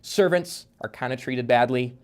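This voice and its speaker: A man's voice: mid-range voice, normal speed. Rambling man explaining with many fillers. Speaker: guest author. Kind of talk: casual podcast chat.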